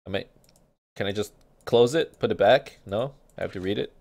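A man's voice: on the low side, normal speed, darkish tone. A man casually commenting on a farming game, joking and laughing often as he plays. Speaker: gaming channel host. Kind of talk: let's play commentary.

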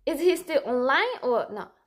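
Giggly high-voiced woman streamer. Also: moderate pace. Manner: giggly and excitable, laughs often. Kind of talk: casual livestream chat.

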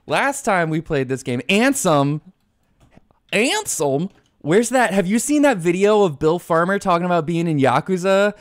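A man chatting to his viewers during a live game stream, rambling from one aside to the next and dropping swear words as he goes. His voice is smooth and clean, close and dry, with faint music underneath. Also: a little high, sing-song, moderate pace, no room sound. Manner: rambling, swears often, laughs easily.

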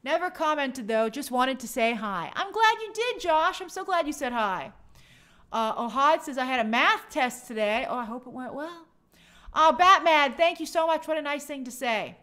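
A New York woman hosts a livestream, casually reading viewer comments aloud in a bubbly, gushing way and stumbling over difficult names. Her voice sits high, animated and bright with a forceful edge, at a moderate pace.

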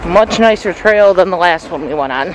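A man's voice: high-pitched, lively intonation, normal speed, noisy background. A man hosting a casual vlog outdoors on a nature trail, easygoing and chuckling often between fillers. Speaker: vlogger.

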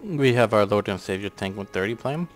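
A man's voice: lowish voice, lively intonation, brisk, soft background music. A man giving rambling, sarcastic casual commentary on a strategy game, swearing offhandedly. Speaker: gameplay commentator.

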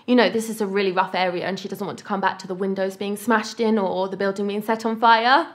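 A woman's voice: mid-range voice, steady tone, quick pace, lightly acted. An actress playing a ditzy, eager-to-please young woman in a comedy sketch, bubbly and giggly. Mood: chirpy.

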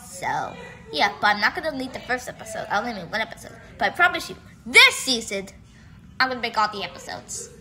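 A woman hosting a homemade reality-show roleplay in a bubbly, excitable way. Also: fairly high pitch, fast talker. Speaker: show host.

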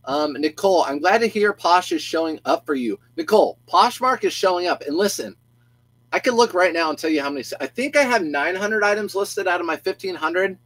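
A middle-aged man chatting on a live stream in a slightly high voice, goofy and talkative. He greets viewers by name and keeps restarting his sentences. The sound is dry and close, with no room around it. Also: expressive, brisk, a bit bright, no echo, poor audio.

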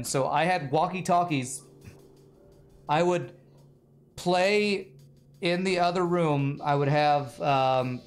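A man streaming a game live, rambling and joking with frequent swearing. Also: a little high. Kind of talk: live gaming commentary.

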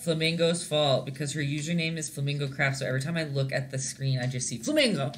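A young Canadian woman leads a casual painting lesson on a live stream, speaking quickly in a low voice over a noisy background. She's chatty and giggly as a painting instructor, rambling and using lots of fillers.

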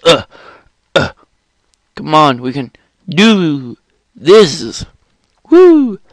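A young man commentating a game he is playing, excitable, exclaiming and swearing often. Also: a little high, extremely slow, no room sound. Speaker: gaming channel host. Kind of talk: let's play commentary.

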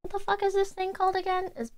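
A woman's voice: very high voice, monotone, quick pace, no echo. A woman streamer chatting live to her viewers at her desk, exasperated and swearing freely. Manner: exasperated, swearing, talking to chat. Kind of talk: live stream reaction chat. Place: home room at a desk.

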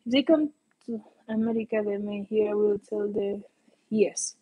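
A woman's voice: medium pitch, fairly even intonation, moderate pace, dark tone, slightly rough, highs cut off. A woman with a Colombian accent, a native Spanish speaker, chatting casually on a livestream and often searching for English words. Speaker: vlogger.

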